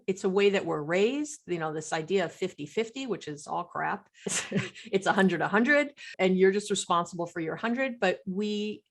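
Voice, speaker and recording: A middle-aged woman psychologist, a podcast guest, explaining relationships in lively talk and acting out what partners say. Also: mid-range voice. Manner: animated, acts out quoted partners.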